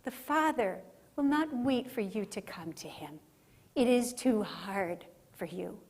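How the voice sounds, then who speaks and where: A woman's voice: mid-range voice, lively intonation, measured pace, a little mellow, slightly rough. A woman speaker giving an emphatic religious teaching talk at a conference, often checking in with the audience. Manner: emphatic, often tags lines with "right?". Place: conference center.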